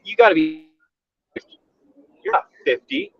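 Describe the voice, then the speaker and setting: A man's voice: high voice, wildly swooping pitch, a little slow, vocal fry, no echo. A man joking around and teasing his friend during a live stream chat. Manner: teasing, incredulous. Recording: dull lo-fi recording.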